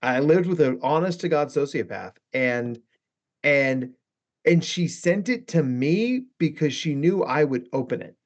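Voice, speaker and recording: A man's voice: on the high side, lively intonation, a little slow. A man who is a guest therapist on a podcast, telling long rambling stories in a casual chat, swearing freely and saying "like" and "right?" a lot.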